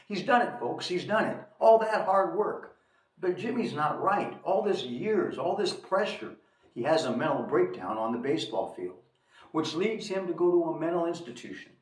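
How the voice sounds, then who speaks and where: A man hosting a casual film review, telling the story emphatically. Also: on the high side. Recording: echoey room, distant mic.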